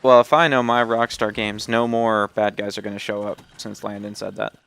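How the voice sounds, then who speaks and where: Bright-voiced joking man playing a game. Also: lowish voice, little pitch movement, normal speed, gravelly. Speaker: let's play streamer playing the game. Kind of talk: casual gameplay commentary.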